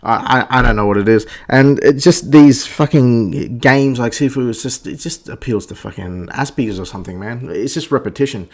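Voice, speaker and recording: A man's voice: medium pitch, normal speed, hardly any pauses. Male gaming vlogger, mid-range voice, profane ranting monologue, stammers and restarts. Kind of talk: ranting game review monologue.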